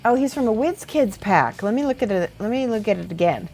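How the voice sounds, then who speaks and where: A woman hosting a casual livestream, chatting warmly and encouragingly as she critiques painted miniatures and laughs often. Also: medium pitch, lively intonation, brisk, soft background music. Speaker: miniature painting host and teacher.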